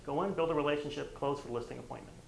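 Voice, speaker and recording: There's slight background noise and the recording quality is low. A man with a gravelly, slightly high voice speaks rapid-fire, teaching a real estate training workshop in a chatty way and regularly acting out lines of quoted dialogue.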